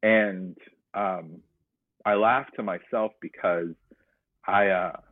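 A man's voice: sits low, fairly even intonation, slow pace, no echo. A man from North Carolina telling his personal story as an interview guest, earnest and reflective, often restarting his sentences. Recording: dry tinny phone-like line.

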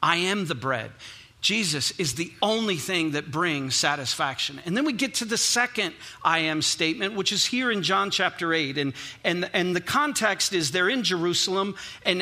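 A man's voice: high voice, pushed and bright. A man preaching a sermon as a pastor, conversational and emphatic, often repeating words for stress.

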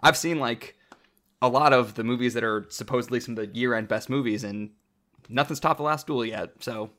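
A man co-hosting a casual film podcast, quick and emphatic with his opinions. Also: medium pitch, fairly bright tone. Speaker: podcast co-host.

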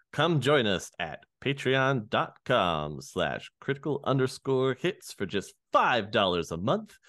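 A lowish-voiced man hosting a podcast in a relaxed, easygoing way. He chats and plugs the show, laughing often, and the sound is dry and close. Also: dry recording. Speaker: podcast host. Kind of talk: casual chat and show promo.

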